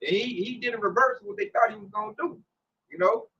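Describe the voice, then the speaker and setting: A man leading a casual religious discussion, talking in a slangy, emphatic, animated way. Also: sits high, fast, husky, recorded from a distance, highs cut off.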